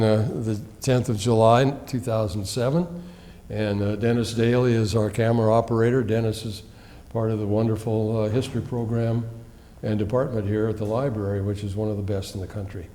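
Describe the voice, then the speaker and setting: A man's voice: mid-range voice, level tone, normal speed, dark tone. A man conducting an oral history interview, chatty and hesitant with many fillers. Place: library room with long reverb. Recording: reverberant hall.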